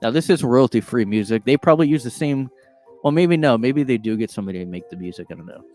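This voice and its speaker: A man's voice: medium pitch, lively intonation, quick pace, warm tone, faint music behind. A man hosting a solo podcast from his own room, rambling through casual commentary in a sarcastic tone with lots of filler words. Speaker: podcast host.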